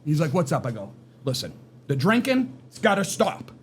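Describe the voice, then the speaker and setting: A man, telling a work story in an animated, casual way and tagging his lines with "right?". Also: fairly high pitch, moderate pace, slight background noise. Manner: animated, tags lines with "right?" and "you know what I mean?". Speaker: podcast guest.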